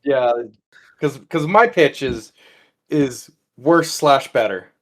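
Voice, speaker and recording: Man, podcast co-host, halting storyteller, middle pitch. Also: lively intonation. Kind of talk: casual comedic chat.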